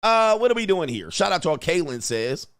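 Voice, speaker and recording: A man's voice: sits high, sing-song, a little fast, a bit bright, smooth, dry recording, clean studio sound. Blunt, emphatic male livestream coach. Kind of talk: livestream commentary reading chat.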